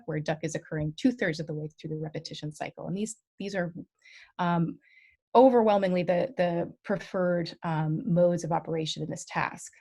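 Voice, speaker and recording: Female lecturer, lowish voice, measured academic delivery full of ums, presenting slides over a video call. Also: steady tone, a little mellow. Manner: careful, many ums and self-corrections. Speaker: guest lecturer. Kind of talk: academic conference talk.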